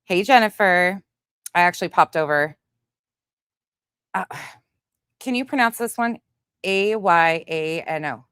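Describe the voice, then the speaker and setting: A woman's voice: on the low side, animated, unhurried, pauses often, a bit bright, clean tone, no echo, studio quality. A woman hosting a casual livestream, greeting viewers by name and chatting bluntly with some swearing. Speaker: livestream host. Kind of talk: casual livestream chat reading comments.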